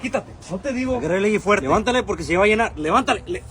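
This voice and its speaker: A man's voice: high voice, lively intonation, racing. A man playing an impatient, bossy uncle who scolds and swears at his nephew, with a Mexican Spanish accent, in a comedy sketch. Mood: scolding. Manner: scolding, swearing, barking orders. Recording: noisy background ambience.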